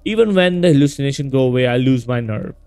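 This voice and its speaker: A man's voice: mid-range voice, animated, quick pace, a little mellow, smooth, no room sound, lightly acted. A man voicing a frightened young male former asylum patient in a horror game, reading his lines in an anxious, confessional way. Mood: fearful.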